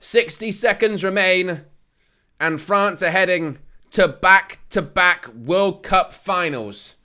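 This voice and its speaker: Bright-voiced excitable football commentator man. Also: sits high, slow pace. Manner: excitable, rises to shouts at near misses. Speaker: live match commentator and channel host. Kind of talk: live football watch-along commentary.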